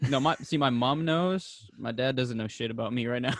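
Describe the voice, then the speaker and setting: A young man co-hosting a casual podcast, swearing freely, laughing often and talking with animated energy. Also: mid-range voice, normal speed, no room sound. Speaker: podcast co-host.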